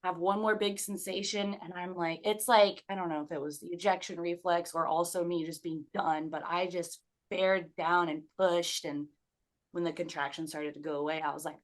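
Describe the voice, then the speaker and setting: A woman with a somewhat low voice tells a personal story as a podcast guest. She talks in a candid, animated way, swears without a second thought and acts out what she said back then. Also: normal speed. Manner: acts out her own past remarks in quotes.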